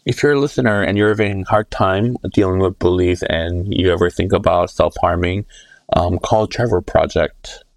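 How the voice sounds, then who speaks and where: A man co-hosting a podcast in casual chat, easygoing and unhurried with many fillers. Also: sits low, no echo. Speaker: podcast co-host.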